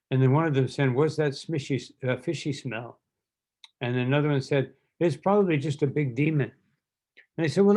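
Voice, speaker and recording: A man giving a devotional lecture, telling stories with quoted lines and often clearing his throat. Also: medium pitch, darkish tone. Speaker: spiritual teacher giving a lecture.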